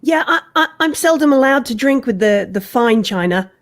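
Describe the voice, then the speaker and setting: A woman playing a tabletop role-playing game, chatting casually and enthusiastically, with playful, halting restarts. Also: a little high, animated. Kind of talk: casual in-character chat.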